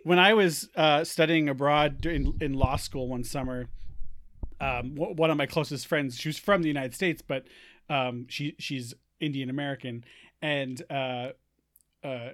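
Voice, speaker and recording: A young man from Long Island co-hosting a podcast, chatting casually and joking with quick laughs. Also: medium pitch, fairly even intonation, fairly bright tone. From Long Island, New York. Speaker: podcast co-host. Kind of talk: casual chat.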